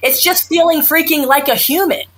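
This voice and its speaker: A woman's voice: sits high, normal speed. A woman OB-GYN talking candidly in an interview, blunt and sarcastic, often acting out what patients say. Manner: blunt, animated, sarcastic, acts out quotes. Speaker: OBGYN doctor, guest.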